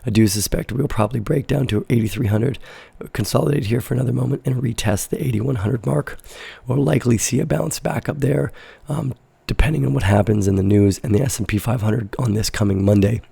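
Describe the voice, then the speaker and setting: A man hosting a casual live crypto market analysis, hoarse and stuffy-nosed, explaining in a loose, rambling way with frequent self-corrections. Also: mid-range voice, a little fast, mellow, no room sound. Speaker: crypto trading show host.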